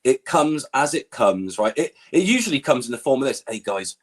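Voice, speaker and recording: A man in loose stream conversation, his husky voice swinging high and low as he rants. He swears freely and slips into mimicking other people mid-story. The talk stays animated throughout. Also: fairly quick. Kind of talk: casual online stream chat.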